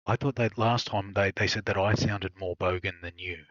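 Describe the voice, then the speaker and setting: A man's voice: low-pitched, fairly even intonation, moderate pace, a bit bright, no room sound, dull audio. An Australian man chatting casually and muttering to himself while building a computer on a live stream. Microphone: close mic.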